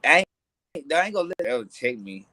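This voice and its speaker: A man's voice: on the high side, very animated, brisk, pushed and bright, dry recording, studio quality. A man in casual conversation, rambling and restarting, with coarse slang. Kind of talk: casual chat.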